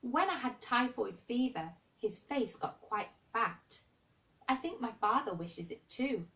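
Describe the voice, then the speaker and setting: A woman's voice: fairly high pitch, lively intonation, unhurried, fairly bright tone, recorded from a distance, voice pushed up. A woman reading aloud, voicing a sickly, bedridden boy who sounds cross and complaining. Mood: sullen. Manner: cross, complaining, dwells on dying.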